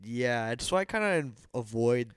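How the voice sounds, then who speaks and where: A man's voice: medium pitch, lively intonation, normal speed, clean tone, no room sound, studio quality. A young man co-hosting a casual podcast, reacting with short laid-back remarks and laughs. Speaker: podcast co-host.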